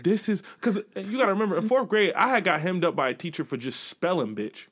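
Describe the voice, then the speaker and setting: A young man from Buffalo, co-hosting a podcast in casual chat, an animated storyteller who acts out quotes and swears freely. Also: high-pitched, quick pace. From Buffalo, New York. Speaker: podcast co-host.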